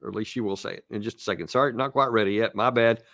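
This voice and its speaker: A man's voice: lowish voice, racing, gravelly, fairly bright tone, no room sound, studio quality. A man hosting an online political talk show who rambles and hesitates, with lots of fillers, and gets worked up. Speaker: host.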